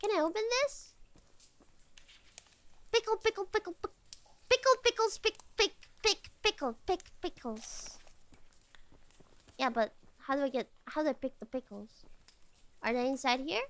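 A woman streaming a game, with excitable, playful commentary, humming and repeating words in sing-song. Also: high voice, a little slow, long pauses. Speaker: VTuber streamer. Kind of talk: casual gameplay commentary.

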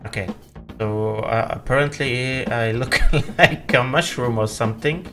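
A man's voice: mid-range voice, a little slow, pushed and bright, soft background music. A man hosting a let's play, commenting on his game, often laughing and pleading at it. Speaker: gaming channel host.

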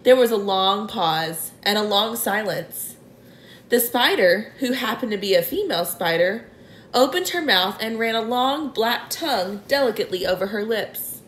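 A woman reading a children's novel aloud in an expressive way. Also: medium pitch, moderate pace. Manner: expressive, clears throat now and then. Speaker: reader. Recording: roomy echo.

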